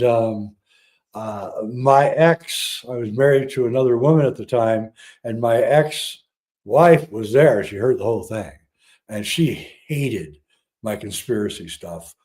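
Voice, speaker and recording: Dark-voiced man telling a long story. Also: mid-range voice. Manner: halting, with many fillers and restarts. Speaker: podcast guest. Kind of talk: casual storytelling.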